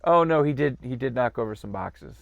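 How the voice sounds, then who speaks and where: Gravelly man riffing on a movie. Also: mid-range voice, animated, a little fast, no room sound, phone-quality sound. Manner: jokey, rambling, laughs often. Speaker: podcast co-host. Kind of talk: casual movie-riffing banter.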